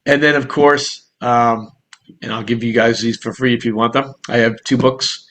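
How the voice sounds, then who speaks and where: A man with a Boston accent gives a casual talk to an online group as a real estate broker and coach. He talks with quick, restless energy and often restarts mid-thought. His voice is at an ordinary pitch for a man. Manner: energetic, rapid, rambling with restarts.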